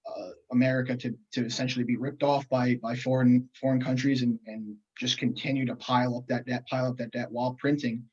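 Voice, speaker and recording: A man at an ordinary middle pitch on a somewhat dull, lo-fi recording. He talks through economic questions earnestly as a podcast co-host, often stalling on restarts and fillers. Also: flat delivery, brisk, hardly any pauses, slightly rough. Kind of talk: casual economics chat.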